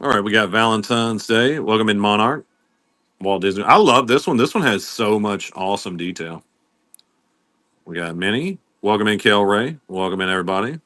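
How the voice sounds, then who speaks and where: Male live-sale host, low voice, easygoing patter greeting viewers, dry close sound. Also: lively intonation, moderate pace, bright, forceful tone, no echo. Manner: welcomes viewers by name while listing items. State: coughing now and then. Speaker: livestream seller host.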